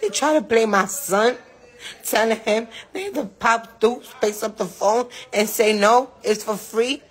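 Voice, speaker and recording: A woman's voice: fairly high pitch, unhurried, husky. A woman being interviewed about her son, speaking with emotion, bluntly, and with plenty of swearing. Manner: blunt, outspoken, swears freely. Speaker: interviewee, mother of a rapper.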